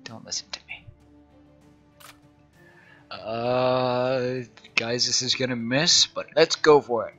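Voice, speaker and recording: Casting: male gamer, rambling self-deprecating commentary, bright voice, unhurried delivery, faint music behind. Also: mid-range voice, lo-fi sound. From United States. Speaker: gaming channel host. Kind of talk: let's play commentary.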